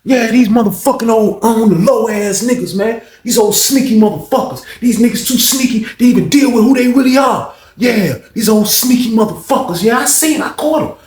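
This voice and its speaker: A cussing, paranoid old inmate, put on by a man telling a story, pitched way up high and shouting his accusations over and over. Lots of swing in the voice, with a roomy echo around it. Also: lively intonation, normal speed, creaky, far from the mic, full character voice. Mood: ranting. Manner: high, shouting, repeats himself. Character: agitated older male inmate, paranoid and cussing.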